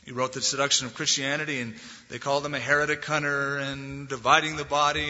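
A man pastor delivering a sermon, telling stories with animated delivery and rising loudly when quoting scripture. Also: medium pitch, husky. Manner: animated storytelling, swelling loud on scripture quotes. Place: church sanctuary. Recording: dull lo-fi recording in a reverberant hall.

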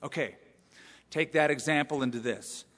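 Male pastor, sermon, conversational with rhetorical questions. Slightly high voice, long hall reverb. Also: normal speed, fairly bright tone.

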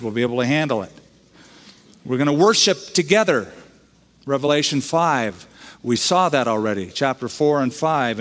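A man's voice: mid-range voice, a bit bright, in a large hall. A man who is a pastor, preaching a sermon in a conversational way, bringing in humorous quoted voices.

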